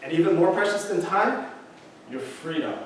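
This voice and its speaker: A man in his thirties, a motivational speaker, tells a personal story to high school students in an earnest way. He uses dramatic pauses, and his voice often sinks low and quiet. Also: animated. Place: large school hall. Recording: echoey hall, distant mic, faint hiss.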